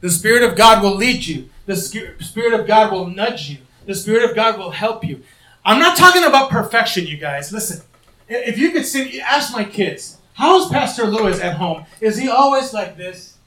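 A middle-aged male pastor preaching a sermon in church, telling stories with lively acted-out voices. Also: high-pitched, moderate pace, reverberant, far from the mic, low-quality recording. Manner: animated storytelling, acting out quoted voices.

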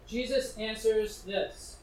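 A man's voice: high-pitched, slow pace, slight background noise. A male preacher reading scripture aloud and explaining it in a conversational way, with questions put straight to his listeners. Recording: echoey room, distant mic.

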